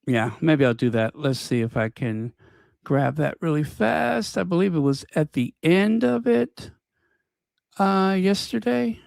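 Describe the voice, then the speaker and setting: Gravelly man hosting casual commentary. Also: a little high, big pitch swings, unhurried, a little mellow, no echo, studio quality. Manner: thinking aloud, stops to find and set up clips. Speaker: channel host.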